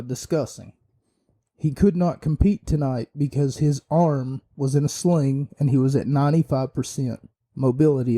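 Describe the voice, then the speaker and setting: Man, podcast host, very dark mellow voice, slow rambling review. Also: medium pitch. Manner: rambling, many fillers and restarts, opinionated. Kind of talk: casual wrestling review.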